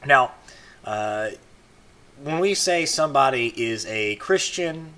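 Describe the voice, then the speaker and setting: A man's voice: medium pitch, expressive, slow pace, sharp tone. A man talking to camera in a casual monologue, rambling with many fillers and restarts. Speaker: video blogger.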